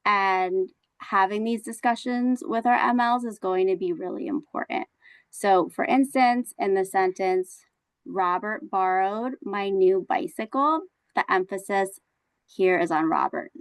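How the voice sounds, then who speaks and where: A woman's voice: mid-range voice, no echo, low-quality recording. A woman presents a teacher-training webinar over a video call, explaining points earnestly with frequent fillers. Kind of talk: online professional development presentation.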